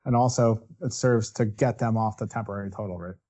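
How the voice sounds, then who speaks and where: A man's voice: fairly low pitch, fairly even intonation, a little fast, mellow. A man presenting a legal webinar as a defense attorney. He walks through the steps one by one and checks in with asides like "right?". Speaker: workers' compensation defense attorney.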